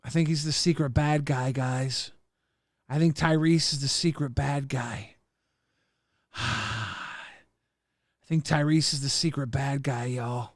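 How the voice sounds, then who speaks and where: A man hosting a livestream, casually reading viewer messages and rambling with plenty of swearing in a deadpan way. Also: mid-range voice, takes it slowly, pauses often, no echo, clean studio sound. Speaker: stream host.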